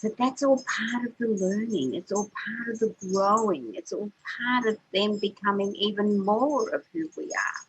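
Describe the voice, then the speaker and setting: A woman's voice: mid-range voice, fairly bright tone, husky, rough recording. An older woman, a co-host on a spiritual radio show, talking earnestly and repeating words as she gathers her thoughts. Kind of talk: heartfelt spiritual chat.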